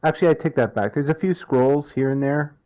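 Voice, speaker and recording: A man's voice: fairly high pitch, fairly quick, mellow, muffled recording. A man running a tabletop game as game master, talking casually and repeating words as he thinks.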